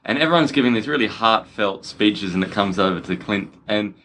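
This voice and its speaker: A man's voice: lowish voice, expressive, a little fast, fairly bright tone, a little hiss or hum. A man co-hosting a casual podcast chat, telling stories animatedly and laughing often. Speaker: podcast co-host.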